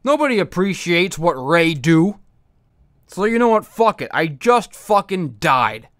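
A foul-mouthed, bitter young female robot pilot rants through a comedic monologue, as a man puts her on in his own voice. The delivery is profane and self-pitying, pitched high for a man and smooth in tone, with a dry, close sound. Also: very animated, a little slow, a bit bright, dry recording, exaggerated voice. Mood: furious self-pitying.

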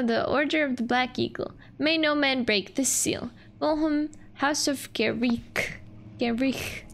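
A woman's voice: sits high, a bit bright. A woman streaming a game, joking and rambling casually over the gameplay.

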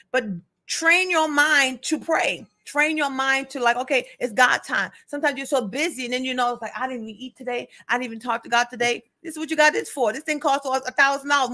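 Bright-voiced woman leading an online Bible study. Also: high-pitched. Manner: greets viewers by name while scrolling comments, conversational and exhortative.

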